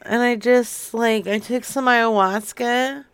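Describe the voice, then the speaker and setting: A man's voice: very high voice, steady tone, fairly bright tone, clear, resonant tone, dry recording, full character voice. A man playing a tipsy, crude woman caller. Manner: slow, drawling, lewd come-ons. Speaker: prank caller. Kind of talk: prank phone call.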